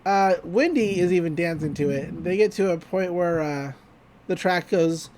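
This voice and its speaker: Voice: medium pitch, moderate pace, a little mellow, slight background noise. A podcast host casually recapping a cartoon episode, chatty and giggly with lots of fillers.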